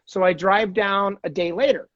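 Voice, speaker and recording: Podcast host from Canada, lively anecdote style, fairly high voice, dull dry audio. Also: male voice, moderate pace, dry recording. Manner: animated storyteller, acts out quoted voices. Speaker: podcast host, former hockey player. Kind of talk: casual storytelling chat.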